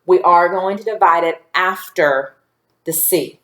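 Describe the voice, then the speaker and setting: A woman teaching a phonics lesson to young children, patient and sounding out word parts slowly. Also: lowish voice, sharp tone. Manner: slow, patient, stretching out sounds. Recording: echoey room.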